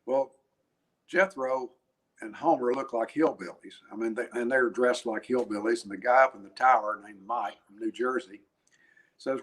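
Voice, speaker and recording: A man's voice: mid-range voice, moderate pace. Older man telling chatty stories. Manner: chatty, animated, laughs, frequent restarts. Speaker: guest musician. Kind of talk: anecdotal interview storytelling.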